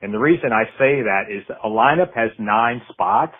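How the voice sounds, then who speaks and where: A man's voice: lowish voice, lively intonation, normal speed, slightly rough. A male caller making a dry, sarcastic, stats-heavy case about his team over a phone line. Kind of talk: phoned-in fan rant.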